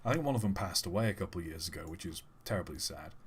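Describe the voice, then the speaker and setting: A man's voice: low-pitched, very fast, breathy edge. Chatty young man. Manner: animated storytelling, swears casually. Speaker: streamer. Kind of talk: casual live-stream chat.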